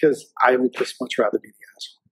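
A man's voice: medium pitch, fairly even intonation, fast, husky, no room sound, poor audio. A man in his fifties, a federal agent guest telling stories casually in an interview, with a loose, filler-heavy way of talking.

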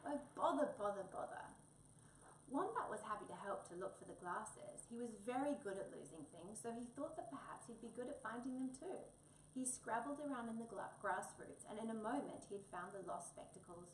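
A woman reading a children's storybook aloud in an expressive, lilting way. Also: on the high side, fairly quick. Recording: echoey room, distant mic, faint noise.

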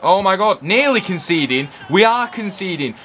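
An English man chatting casually while playing a football video game, yelling player names and cracking jokes. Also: sits high, moderate pace. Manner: excitable, yells player names, chatty banter. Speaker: gaming video host.

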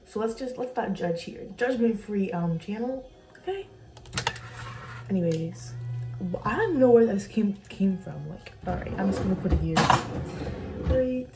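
A woman's voice: mid-range voice, expressive, measured pace, long pauses, rough recording. Chatty young woman vlogging in her kitchen. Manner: scattered, chatty, lots of "like". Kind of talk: casual cooking vlog. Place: home kitchen. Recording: music playing underneath. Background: background music.

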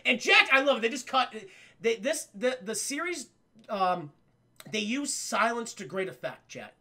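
A man's voice: very high voice, big pitch swings, a little slow, bright, forceful tone. A man giving a casual live-stream cartoon review, rambling, swearing and acting out scenes for chat. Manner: profane, rambling, talks to chat; acts out scenes in voices.

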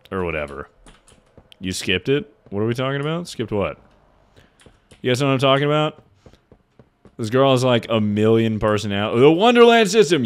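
A tipsy man drinks while streaming a game, chatting, laughing, rambling and swearing in casual game-stream chatter. His voice is lowish, clear and resonant.

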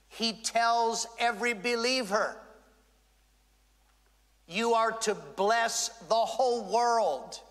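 A man pastor preaching a sermon, with dramatic pauses and acted-out quotes. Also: very high-pitched, a bit bright. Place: large church hall. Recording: reverberant church hall.

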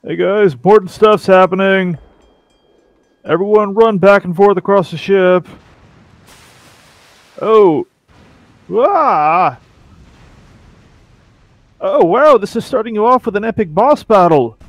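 A man's voice: high voice, a little slow, long pauses, no echo. A man giving casual, comedic game commentary with sarcastic, joking asides. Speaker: Let's Play commentator.

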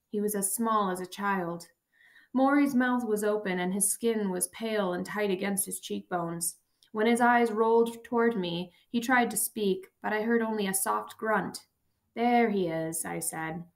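A woman narrating a first-person memoir audiobook in a measured, quiet and somber reading. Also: mid-range voice.

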